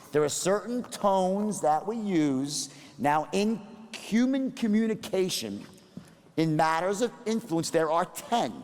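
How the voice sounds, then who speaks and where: Animated, profane male sales trainer. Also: a little high, slight background noise. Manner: animated, profane, demonstrates tones of voice. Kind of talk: live seminar talk. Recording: reverberant hall.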